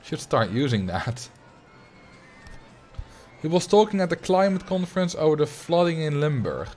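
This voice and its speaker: A man with a Dutch accent chatting casually while he livestreams a game, rambling and thinking out loud at a desk mic. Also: on the high side, sing-song, moderate pace, pauses often, faint music behind. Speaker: streamer.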